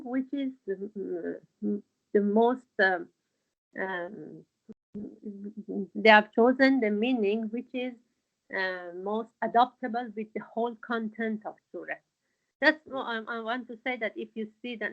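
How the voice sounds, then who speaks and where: A woman's voice: medium pitch, highs cut off. A woman teaching a Quran lesson, explaining verses word by word with frequent fillers and restarts. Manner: hesitant, many fillers and restarts.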